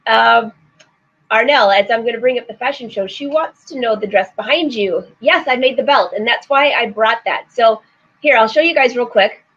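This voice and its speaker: Her voice is a little high and a bit bright, moving at a moderate pace, as this middle-aged woman hosts a casual live sewing stream. She reads viewers' comments aloud and laughs a lot, with the stream sounding slightly dull and lo-fi.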